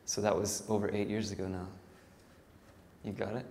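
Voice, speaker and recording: A man's voice: fairly low pitch, flat delivery, normal speed, a little mellow. A man in his thirties, a worship pastor, telling his story casually to a church audience with many fillers and self-deprecating asides. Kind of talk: church talk. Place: church hall. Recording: hall reverb, faint ambient noise.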